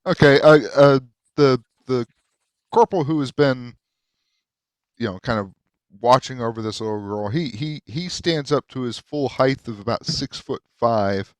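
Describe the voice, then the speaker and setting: A man narrating a tabletop game as game master, halting with many fillers. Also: mid-range voice, no room sound.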